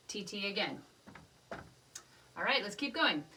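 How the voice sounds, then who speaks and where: In a sing-song, medium-pitched voice, a music teacher moves at a moderate pace with long pauses, singing short phrases and then voicing their rhythm syllables. The recording comes from a distant mic amid loud background noise.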